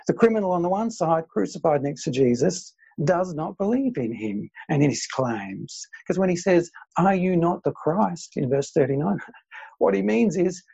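Husky male preacher, muffled recording. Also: a little high, expressive, normal speed, warm tone. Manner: earnest preaching with frequent fillers and repeated phrases. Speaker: pastor. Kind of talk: sermon.

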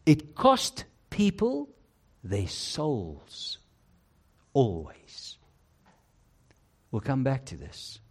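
A man preaching a sermon with emphasis and rhetorical questions, dropping low and quiet to stress key phrases. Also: wildly swooping pitch, drawn-out words, pauses often, slightly rough.

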